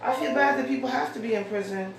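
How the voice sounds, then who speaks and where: This host, a fast-talking woman with a voice on the high side, rambles through a casual solo chat while reading mail she was sent, thinking aloud as she goes. Her voice sounds distant and echoey, with faint hiss in the recording.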